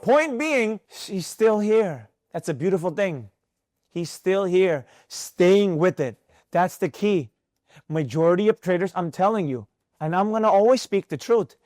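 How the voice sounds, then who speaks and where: A man teaching a live mentorship class on trading, talking in an animated, preachy way and repeating himself for emphasis, with students in the room. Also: high voice, measured pace, dry recording.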